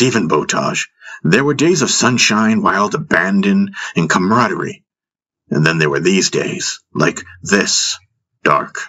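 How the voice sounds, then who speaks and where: A man narrating a fantasy audiobook in the first person, in a measured storytelling manner. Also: sits low, a bit bright.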